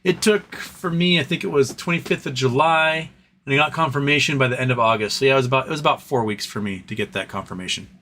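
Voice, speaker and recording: A man hosting a casual live stream, rambling with lots of fillers and a tired, throat-clearing voice, in a room at home. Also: mid-range voice, fast, sharp tone, slight background noise. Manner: rambling, trails off, many fillers. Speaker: livestream host. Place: home room with a fan running.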